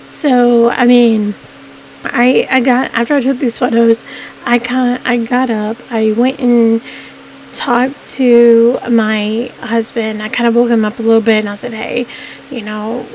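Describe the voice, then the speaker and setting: A woman's voice: fairly high pitch, flat delivery, measured pace, a little mellow, slight background noise, low-quality recording. A woman telling a personal story to her viewers in a casual vlog, rambling and restarting her sentences often. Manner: rambling, with frequent restarts and "I mean" fillers. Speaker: vlogger.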